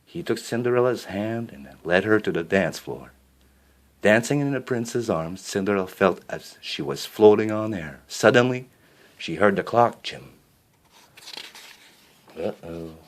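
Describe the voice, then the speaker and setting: Low-voiced male storybook reader. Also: moderate pace. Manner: expressive with small slips and restarts. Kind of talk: reading a children's storybook aloud.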